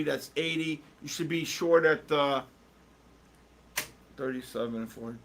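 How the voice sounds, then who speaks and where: A man with a fairly high, slightly bright voice hosts a live trading stream at a measured pace, leaving long pauses, with slight background noise. Rambling and jokey, he answers viewers' chat while watching the charts and calling out how the market moves.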